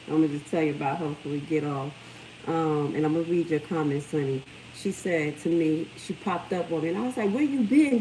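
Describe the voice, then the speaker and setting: A woman's voice: sits low, slight background noise, poor audio. A middle-aged woman hosting a livestream, talking casually and animatedly. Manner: animated storytelling, lively quoted voices. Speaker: livestream host.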